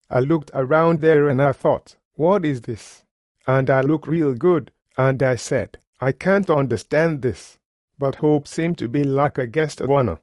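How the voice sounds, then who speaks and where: A man's voice: mid-range voice, unhurried, darkish tone, dry recording, clean studio sound. A man telling a story in a folksy sermon, speaking in plain, homespun grammar. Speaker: preacher.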